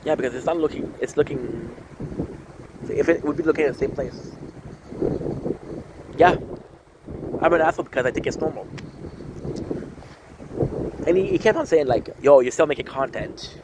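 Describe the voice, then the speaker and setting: A man's voice: fairly high pitch, moderate pace, long pauses. Frustrated vlogger man, heavy wind noise. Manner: frustrated, searching, repeats himself. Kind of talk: rambling vlog monologue to camera. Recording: loud wind and boat noise outdoors.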